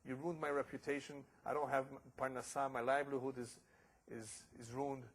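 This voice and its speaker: A man's voice: medium pitch, level tone, a little fast, lightly acted. A man voicing an aggrieved middle-aged male tailor, pleading and indignant in a story.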